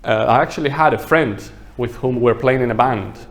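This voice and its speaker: A man's voice: mid-range voice, normal speed. A man giving a casual workshop lecture as a landscape architect, chatty and joking, regularly checking in with his audience, speaking English as a non-native speaker. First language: not English.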